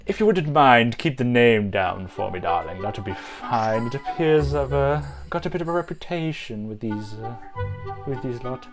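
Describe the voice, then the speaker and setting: A man's voice: mid-range voice, animated, moderate pace, music in the background, lightly acted. A man voicing a flamboyant, theatrical male doll who gushes and calls everyone darling. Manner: gushing, affectionate, calls people darling.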